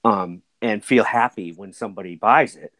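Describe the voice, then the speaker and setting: Rambling man in his forties, lowish voice. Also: normal speed, fairly bright tone, no echo. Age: 40s. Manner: rambling, many restarts and fillers. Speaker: guest. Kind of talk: casual conversational interview.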